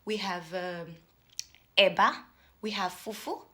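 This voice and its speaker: A woman's voice: mid-range voice, fairly even intonation, slow, pushed and bright. A woman from Africa with an African English accent, speaking straight to viewers in emphatic, pleading commentary and repeating lines for stress. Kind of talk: impassioned direct-to-camera commentary.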